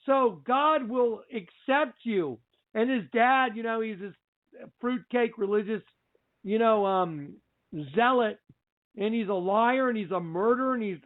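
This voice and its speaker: Animated man on a tinny phone line. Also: very high voice. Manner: animated, repetitive storytelling. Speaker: radio show host. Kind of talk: retelling a movie in casual preaching talk.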